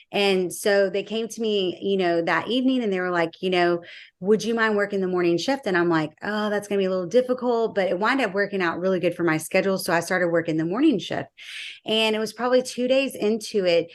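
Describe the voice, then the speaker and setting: A woman's voice: mid-range voice, fast talker. A woman sharing her personal faith testimony in a casual interview, acting out the dialogue she recalls and using frequent fillers.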